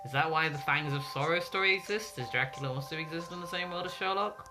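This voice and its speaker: A woman's voice: low-pitched, fast talker. A woman casually commenting while playing a story game, sarcastic and swearing freely. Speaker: gaming video host. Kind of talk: casual let's-play commentary. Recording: loud game music behind.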